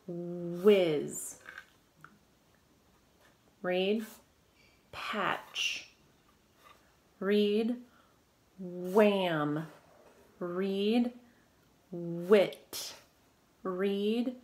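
Slow, encouraging woman teaching phonics. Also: fairly low pitch, a little mellow. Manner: encouraging, slow and clearly spoken prompting. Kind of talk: recorded reading lesson for children.

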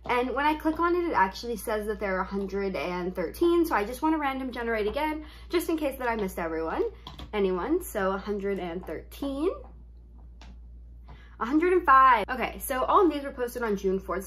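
A woman's voice: mid-range voice, lively intonation, fairly quick. A young woman chatting casually over her gameplay as a vlogger, rambling with lots of filler words. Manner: chatty, rambling, heavy use of "like". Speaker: gaming YouTuber.

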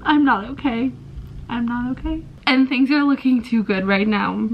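A woman's voice: fairly high pitch, moderate pace, highs cut off, slight background noise. A young woman vlogging about a book she is reading, emotional and gushing, sighing often. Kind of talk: casual reading vlog.

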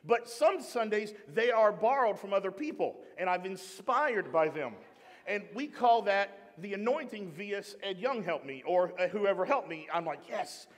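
A man's voice: high-pitched, normal speed. A man preaching a sermon as pastor, joking and calling out to the congregation for amens and raised hands. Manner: humorous, animated preaching with call-and-response to the congregation. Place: church sanctuary. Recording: long hall reverb in church.

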